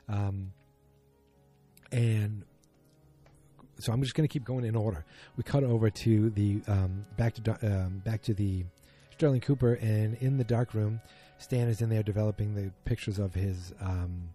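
A man walks through a TV episode in a rambling, opinionated way, with frequent fillers and personal asides. His voice sits low and sounds dark and somewhat husky. Faint music plays behind him. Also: fairly even intonation, normal speed. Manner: chatty, opinionated, many fillers. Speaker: TV episode recapper. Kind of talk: casual episode recap.

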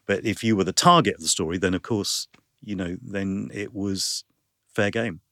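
A man, a guest comedian and actor, talking in an interview and telling lively anecdotes with plenty of fillers. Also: sits low, moderate pace, no room sound, clean studio sound. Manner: lively anecdotes with many fillers, 'you know' and 'um'. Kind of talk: conversational interview storytelling.

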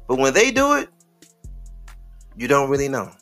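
A man's voice: mid-range voice, very animated, normal speed, fairly bright tone. Man, podcast host, preachy commentary, rhetorical questions, faint background music. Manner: preachy, rhetorical questions, addresses listeners as beloved. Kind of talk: casual commentary.

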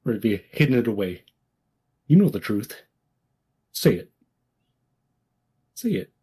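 Man doing a husky, menacing young dark knight; lively intonation, intense. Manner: intense, low dramatic delivery.

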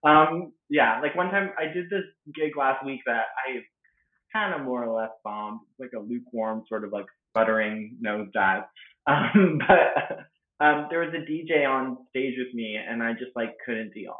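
A man's voice: medium pitch, moderate pace. A man from Canada, a guest comedian, chatting casually and animatedly, acting out quoted voices and swearing freely. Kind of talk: casual podcast chat. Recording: tinny phone-like sound in an echoey room.

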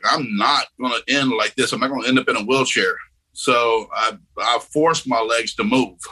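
Husky man telling a dramatic story. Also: medium pitch, low-quality recording. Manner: animated, acts out quoted voices. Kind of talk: personal storytelling.

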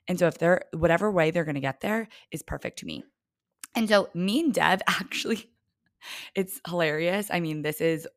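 A young woman hosts her own coaching podcast, talking in a chatty, emphatic way. Her voice sits low with a gravelly fry. At times it drops to a soft near-whisper, and the recording is close and dry. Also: dry recording. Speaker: business coach, podcast host. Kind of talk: casual solo podcast monologue.

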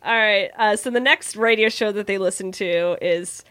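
A woman's voice: mid-range voice, normal speed. A woman co-hosting a podcast, giggling as she recaps a cartoon episode in casual chat. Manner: animated, giggly storyteller. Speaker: podcast co-host.

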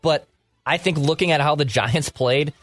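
A man's voice: a little high, normal speed, fairly bright tone, no echo, soft background music. A man in a casual sports talk show, thinking aloud as he rambles through a game.

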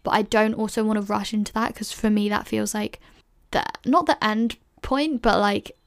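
A young woman in her early twenties hosting a casual solo Q&A podcast, rambling chattily with lots of "like" and self-conscious laughs. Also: medium pitch. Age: early 20s. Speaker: podcast host.

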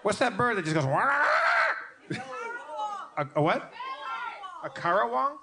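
A man's voice: high-pitched, animated, creaky, a crowd in the background. A man co-hosting a live comedy podcast, telling stories in stuttering bursts and swearing freely. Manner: fast, stuttering, profane storytelling. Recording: live show with loud audience.

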